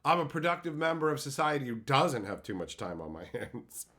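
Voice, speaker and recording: A young man live-streaming, answering his chat with profane, mocking rants. His pitch sits in a plain middle range, and he keeps breaking into laughter at his own crude jokes. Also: sing-song, fairly quick, bright, forceful tone.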